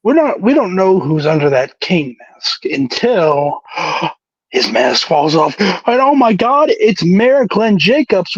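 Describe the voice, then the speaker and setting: On a laid-back wrestling recap podcast, this co-host speaks in a high, slightly rough voice. He cracks jokes, laughs frequently and repeats himself, all captured in a dull, dry lo-fi recording with no room sound.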